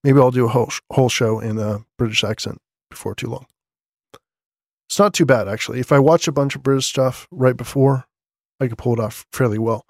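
A man's voice: mid-range voice, steady tone, brisk, no echo. Casual male tech podcast host, dry sound. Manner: conversational, loose, with asides and fillers. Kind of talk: casual newsletter-style tech commentary. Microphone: studio condenser microphone.

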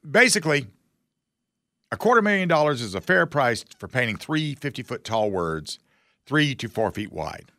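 Brief: male talk host, mocking and folksy, with a gravelly, lively voice and a dry sound. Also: mid-range voice, moderate pace, dry recording. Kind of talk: casual political commentary.

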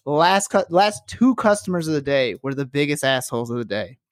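A man co-hosting a podcast, telling a work story in a casual, animated and profane way and acting out the people he quotes. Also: fairly high pitch, fairly quick, no echo, clean studio sound. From works in Los Angeles. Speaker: podcast co-host.

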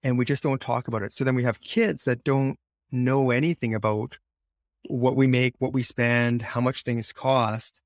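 A man's voice: medium pitch, fairly even intonation, moderate pace, dry recording, studio quality. A man who is a guest author on a podcast, speaking earnestly and repeating phrases to drive his point home. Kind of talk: conversational podcast interview.

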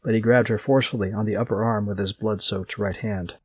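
A man reading a story aloud as an audiobook narrator, steady and measured. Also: on the low side, slightly rough. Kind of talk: scripted narration.

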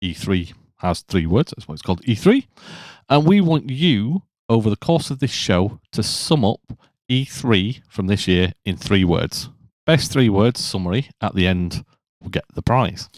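Low-voiced chatty podcast co-host. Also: male voice, sing-song, a little slow, hardly any pauses, darkish tone, dry recording. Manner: chatty, explains things. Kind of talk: casual podcast chat.

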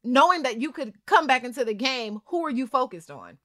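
A woman interviewer with a bright, forceful voice that sits a little high. She talks in an emphatic, encouraging way, leaning into each point as she gives advice. The sound is dry and close. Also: lively intonation, a little fast, dry recording. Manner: emphatic and encouraging, calls the guest "girl". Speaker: host. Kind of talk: casual interview chat.

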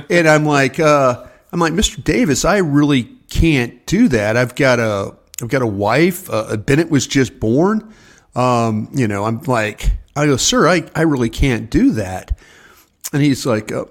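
Speaking at a measured pace in a medium-pitched, expressive voice, an older ex-scout tells meandering stories on a video call from his home office. It's relaxed storytelling chat, and he imitates the voices of the people he quotes.

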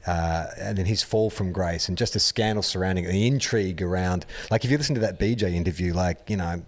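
A man's voice: low-pitched, fast. A man co-hosting a casual podcast, reading listener letters aloud with frequent laughter. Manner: laughs often, reads letters aloud playfully. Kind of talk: casual chat.

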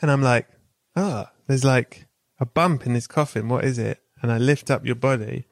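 A man with a gravelly, creaky edge to his voice hosts a comedic interview. He riffs through silly made-up tales in a relaxed, swearing, chatty way. The sound is dry and close, with no room echo. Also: medium pitch, normal speed. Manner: spins absurd improvised stories, swears casually. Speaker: podcast host. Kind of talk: comic interview chat.

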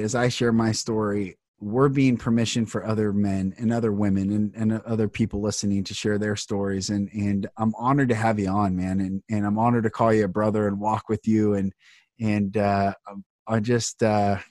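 A man's voice: lowish voice, fairly even intonation, normal speed, a little mellow, no room sound, clean studio sound. Earnest man hosting a podcast. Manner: earnest, impassioned. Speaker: podcast host. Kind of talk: heartfelt podcast conversation.

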